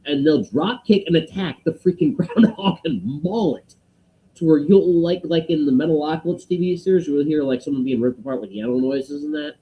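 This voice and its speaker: A man's voice: a little high, normal speed, muffled recording, a little hiss or hum. A man co-hosting a podcast in casual chat, telling rambling stories, swearing and acting out voices. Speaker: podcast co-host.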